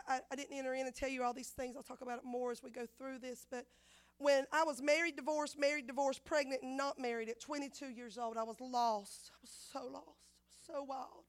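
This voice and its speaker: A woman preaching a sermon, repeating phrases and acting out the voices in her story, swinging from loud to hushed. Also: high voice, smooth. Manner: dramatic swings of loudness, acts out quotes, repeats phrases.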